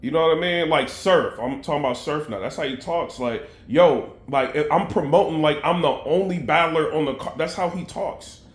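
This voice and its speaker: A man's voice: a little high, normal speed, few pauses, echoey room. A man giving casual commentary straight to his viewers, heavy on "you know what I mean" and loose asides. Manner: conversational, filler-heavy, addresses viewers directly. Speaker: battle rap commentator.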